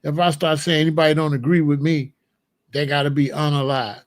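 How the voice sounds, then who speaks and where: A man's voice: on the high side, level tone, brisk. A man hosting solo political commentary, talking emphatically and repeating incredulous rhetorical questions. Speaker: commentary channel host.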